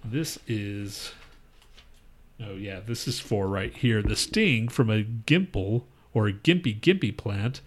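A man's voice: fairly low pitch, lively intonation, slow pace. A man co-hosting a podcast who rambles through crude jokes, swears a lot, and reads trivia facts aloud in casual banter. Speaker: podcast co-host.

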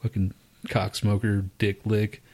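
A man's voice: lowish voice, completely flat delivery, unhurried, darkish tone. Profane, teasing male podcast host. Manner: profane, teasing, laughs often. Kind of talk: crude casual banter.

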